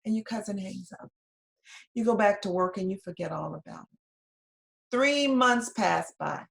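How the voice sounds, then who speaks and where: A woman's voice: mid-range voice, moderate pace, creaky. A woman presenting a webinar lecture, talking conversationally and checking in with the listeners with frequent "right?".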